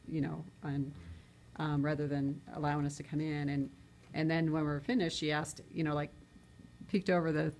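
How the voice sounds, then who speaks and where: A woman telling a group, in a casual and lively way, about going door to door. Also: low voice, a little hiss or hum. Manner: lively, laughing storyteller. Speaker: training participant.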